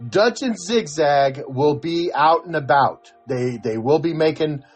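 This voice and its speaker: A man's voice: fairly high pitch, lively intonation, measured pace, slightly rough, soft background music. An older man, a podcast co-host, telling a story in casual chat, chuckling and acting out the quoted voices.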